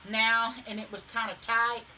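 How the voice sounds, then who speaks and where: A woman's voice: fairly high pitch, flat delivery, moderate pace, pushed and bright, a little hiss or hum, low-quality recording. A woman, chatting casually and swearing freely while doing her makeup at home. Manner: chatty, swears casually, addresses viewers as y'all. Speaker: vlogger.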